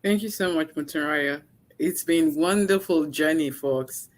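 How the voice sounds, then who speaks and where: A woman's voice: deep voice, measured pace. A woman hosting a group talk, upbeat, passing the floor to speakers and summing up. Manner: upbeat, hands over the floor, sums up. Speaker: host.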